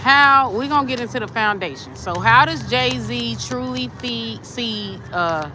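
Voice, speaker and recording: A woman's voice: fairly high pitch, measured pace. A woman, a tarot channel host giving blunt, profane commentary in a casual rant. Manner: blunt, profane and animated, talking straight at the camera. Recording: noisy, with traffic sounds outside.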